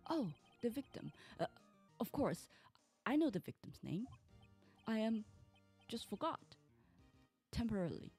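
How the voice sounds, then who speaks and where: A woman's voice: a little high, very animated, unhurried, long pauses, a little mellow, husky, faint music behind, pitched above the performer's own voice, full character voice. A woman voicing a nervous young male lawyer in a game, stammering through his lines. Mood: flustered. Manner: stammering and flustered.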